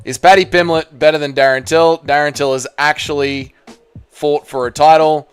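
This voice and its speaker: A man's voice: a little high, steady tone, moderate pace, clear, resonant tone. A young man hosting a casual livestream, bantering with chat and dropping "mate" and "bro", over faint background music. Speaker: livestream host.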